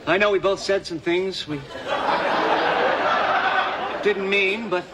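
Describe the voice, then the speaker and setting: Brief: sitcom guy, higher voice, loud audience and noise behind. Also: slow pace, a loud crowd. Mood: pleading. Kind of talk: sitcom acting.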